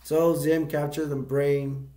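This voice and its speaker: A man's voice: fairly high pitch, flat delivery, slow pace, warm tone. A man hosting a movie review channel, retelling a film's plot in a casual, rambling way and often searching for words. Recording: echoey room.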